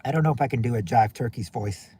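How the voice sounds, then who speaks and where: A man's voice: mid-range voice, fast, mellow, slight background noise. Rambling Southern man hosting a stream. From southern United States. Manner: rambling, repeats himself, trails off. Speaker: stream host. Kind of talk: casual chat with live chat.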